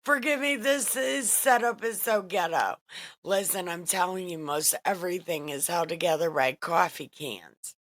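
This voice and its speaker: Low-voiced woman telling bible stories all casual and cussy, slow, dry close sound, home setup. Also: a bit bright, no echo. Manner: profane, wisecracking, conversational. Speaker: host retelling Bible stories. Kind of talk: casual irreverent storytelling.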